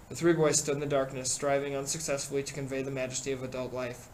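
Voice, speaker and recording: A man reading a novel aloud in steady, measured narration. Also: mid-range voice, a little hiss or hum, poor audio. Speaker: reader.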